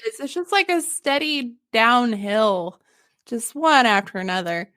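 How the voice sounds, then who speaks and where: A woman with a high voice hosts a casual history podcast. She tells the story in an animated, joking way, laughing and swearing along. The sound is dry and close. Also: a little slow, no room sound. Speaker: podcast host.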